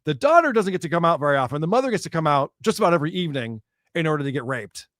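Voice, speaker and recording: Animated joking male podcast host. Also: on the high side, very fast, no echo, studio quality. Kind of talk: casual storytelling chat about true crime.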